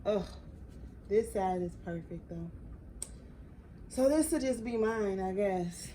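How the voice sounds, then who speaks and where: This crafting vlogger, a young woman, talks easily to "y'all" as she works, letting her feelings show in her reactions. She speaks slowly in a mellow, mid-range voice. The rough recording carries a slight hiss or hum.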